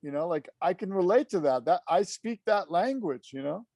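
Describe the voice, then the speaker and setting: A man co-hosting a podcast in casual chat, talking in an animated, rambling way with lots of fillers. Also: sits high, moderate pace, dry recording. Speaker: podcast co-host.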